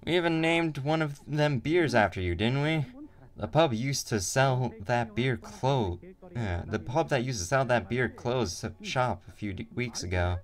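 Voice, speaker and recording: A man voicing a rough, jovial older male gang boss who teases and shouts in slang. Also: mid-range voice, lively intonation, measured pace, pitched above the performer's own voice, natural voice. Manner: gruff, teasing, slangy.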